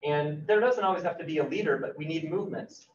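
A man, an author, speaking earnestly at a library talk, halting with fillers. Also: fairly high pitch, a little hiss or hum. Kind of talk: casual conversation at a library talk. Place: library event room. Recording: roomy, distant, muffled hall recording.

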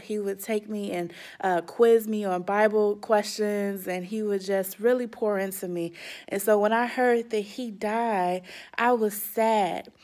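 A young adult woman, a children's pastor, speaking straight to the kids in a sermon with emphatic rises. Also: mid-range voice. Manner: warm, direct address to kids, emphatic rises.

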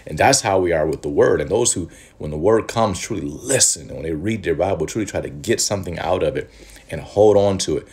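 A man teaching from the Bible in a conversational, animated preaching style, asking rhetorical questions. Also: sits low, a little fast, breathy edge. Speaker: pastor. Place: Michigan.

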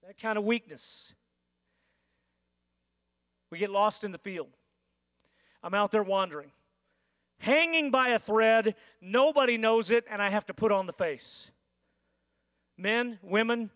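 High-voiced preacher in a reverberant sanctuary. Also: male voice, fairly bright tone. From United States. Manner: preaching with dramatic pauses and acted inner voices. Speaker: senior pastor. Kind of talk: sermon. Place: large church sanctuary. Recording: dry sound with long hall reverb.

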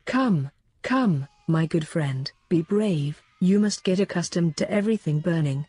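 A calm, pleasant missionary priest, spoken steadily by a woman reading. The tone is dark and mellow with a husky grain, recorded dry and close. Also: lowish voice, measured pace, no echo.

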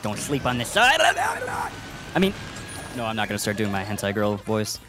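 A man's voice: fairly low pitch, big pitch swings, fast talker, over music. A young man chatting crudely and enthusiastically while playing a fighting game. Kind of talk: casual gaming chat.

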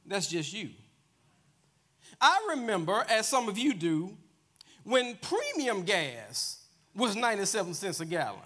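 Lively high-voiced minister. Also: male voice, a little slow, pauses often. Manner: storytelling, joking, chuckling. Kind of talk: sermon.

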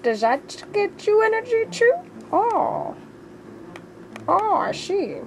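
A woman's voice: very high-pitched, very animated, slow pace, a little hiss or hum, poor audio. A woman behind the camera, chatting casually and teasing with lots of giggles. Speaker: camera operator.

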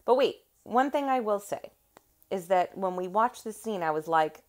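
A woman's voice: medium pitch, animated, normal speed, darkish tone. A woman co-hosting a casual movie review chat, chatty and opinionated, swearing casually. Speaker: co-host.

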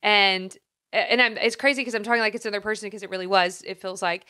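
Female podcast co-host with a crisp, bright voice, candid and heartfelt. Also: mid-range voice, steady tone, fast. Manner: open, emotional storytelling. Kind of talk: casual podcast conversation.

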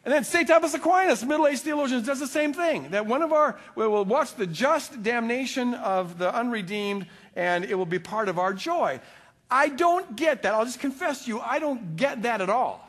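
Middle-aged male pastor, high-pitched, animated sermon delivery with stammering restarts. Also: normal speed.

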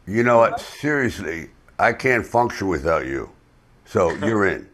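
An older man on a video call, telling an anecdote in a relaxed, wry way with dry humor. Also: fairly low pitch, unhurried. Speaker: actor on a press panel. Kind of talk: anecdotal storytelling.

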